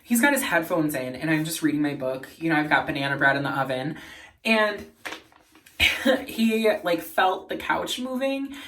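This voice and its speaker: A man vlogging in a casual, earnest and emotional way, laughing softly as he talks. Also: a little high, big pitch swings, moderate pace, distant mic, a little hiss or hum. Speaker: beauty and lifestyle vlogger. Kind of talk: casual chat.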